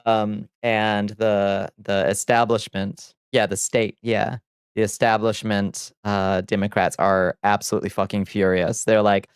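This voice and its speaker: A man's voice: on the low side, fairly even intonation, moderate pace, clean tone, no echo. A man chatting on a casual livestream, reading chat aloud and answering in a chatty, sardonic way, on a close desk mic. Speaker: streamer.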